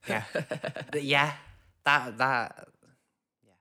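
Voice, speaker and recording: Bright-voiced joking male podcaster. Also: medium pitch, fairly even intonation, very slow. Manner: dry, joking, laughs often. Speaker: podcast co-host. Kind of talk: casual chat.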